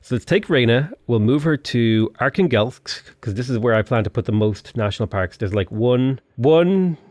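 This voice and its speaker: A young Irish man giving playful, excitable commentary over a strategy game, full of jokey asides. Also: medium pitch, normal speed, dry recording, studio quality. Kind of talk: casual gameplay commentary.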